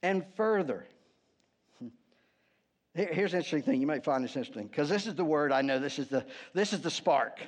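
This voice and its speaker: A man's voice: on the high side, lively intonation, a little fast, long pauses. A man preaching a sermon as pastor, conversational and wry, often checking in with the congregation.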